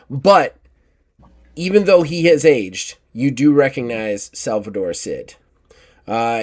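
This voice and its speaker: A man's voice: mid-range voice, a little mellow. A man narrating a tabletop game as game master, rambling with many fillers and restarts.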